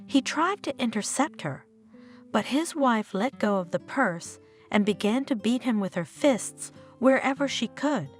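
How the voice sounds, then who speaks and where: A woman narrating a dramatic tale, her voice fairly high and lively, rising and falling with every beat. Soft plucked guitar plays quietly beneath her. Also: measured pace. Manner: animated, expressive reading. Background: soft guitar music.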